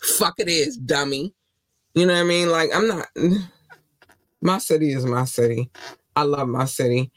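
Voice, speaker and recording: There is no room sound as a podcast host from Baltimore, USA, talks in a slightly high, fairly bright voice at normal speed, leaving long pauses. With his Baltimore accent, he keeps his casual monologue passionate and defiant, restating his points.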